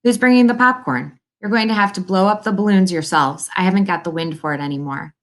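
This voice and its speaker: A woman's voice: mid-range voice, fast, natural voice. A woman reading aloud and voicing a cranky, witty old man in a nursing home, grumbling with dry sarcasm. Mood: sarcastic.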